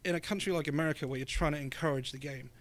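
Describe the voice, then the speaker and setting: English guy co-hosting a podcast, talks quick, chatty, lots of ums. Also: a little high. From England. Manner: chatty, lots of ums and likes, laughs easily. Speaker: podcast co-host. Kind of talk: casual chat.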